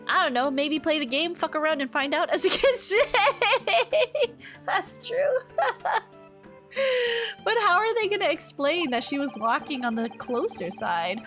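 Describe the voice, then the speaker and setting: Giggly high-voiced woman streamer. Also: unhurried, a bit bright, faint music behind. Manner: giggly, reads character lines in mock-serious voices. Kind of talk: casual game stream, reading dialogue aloud.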